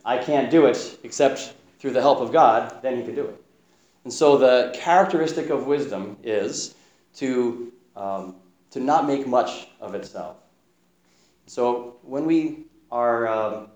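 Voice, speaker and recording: A male preacher delivers a sermon in a gentle, reflective voice, now and then acting out what people in the story say. His voice sits at a middle pitch. It rings with the echo of a roomy hall. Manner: gentle, reflective, acts out quotes. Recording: echoey room.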